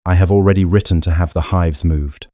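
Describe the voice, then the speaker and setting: A man's voice: low-pitched, fairly even intonation, a little fast, warm tone, dry recording, studio quality, lightly acted. A man playing a guarded, grief-haunted earl who speaks in a clipped, matter-of-fact tone in an audiobook romance. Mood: flat. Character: grieving earl, a guarded, haunted older husband.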